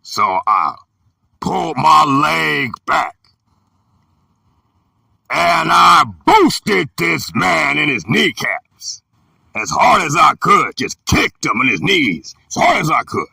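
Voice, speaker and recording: A man in his fifties telling a story in an emphatic, preachy way, sometimes shouting, with a gravelly, raspy voice. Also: on the high side, very animated, takes it slowly, no echo. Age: 50s. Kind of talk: storytelling talk. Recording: dry and distant from the mic.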